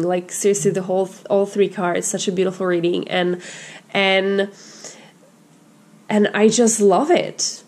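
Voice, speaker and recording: A woman's voice: medium pitch, level tone, measured pace, darkish tone. Gushing woman giving a tarot reading. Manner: gushing, repetitive, effusive; frequent fillers and restarts, addresses viewers as you guys. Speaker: tarot reader. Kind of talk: casual tarot reading to camera.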